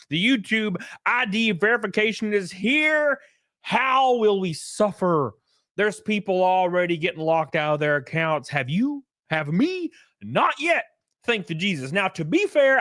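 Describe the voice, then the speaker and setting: Lively young guy, high voice, profane rambling stream chat. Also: no room sound, clean studio sound. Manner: animated, rambling, profane, jokey. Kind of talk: casual livestream chat.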